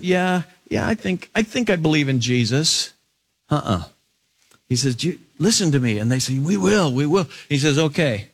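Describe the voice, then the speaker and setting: A male pastor preaching, reading scripture aloud and adding expressive asides. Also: medium pitch. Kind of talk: sermon.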